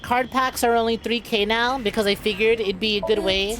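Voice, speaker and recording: A woman's voice: a little high, steady tone, moderate pace, a bit bright, slight background noise. A young adult woman streaming a game, chatting playfully with her viewers and laughing often. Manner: playful, laughing, talks to chat as y'all. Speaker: VTuber streamer. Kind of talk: casual gameplay streaming chat.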